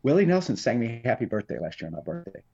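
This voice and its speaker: A man's voice: mid-range voice, fast talker, husky, dull audio. A man from Texas, a political commentator, talking as a podcast guest in an emphatic, joking storytelling manner. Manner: animated storyteller, emphatic and jokey. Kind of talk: podcast interview chat.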